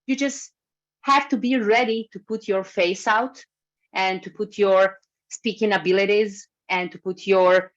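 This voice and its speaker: A woman giving a workshop talk over a video call, speaking in a lively way and moving as she talks. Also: mid-range voice, unhurried. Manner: lively, moves while speaking. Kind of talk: webinar talk. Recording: slightly muffled video call recording.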